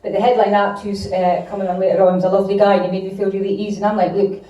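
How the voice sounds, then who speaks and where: A woman's voice: mid-range voice, flat delivery, rapid-fire, mellow, lo-fi sound. A woman with an Aberdeen Scottish accent doing improvised stand-up comedy on a club stage, rambling, swearing and poking fun at herself. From Aberdeen, Scotland. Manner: rambling, sweary, self-deprecating. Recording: roomy and distant live club recording.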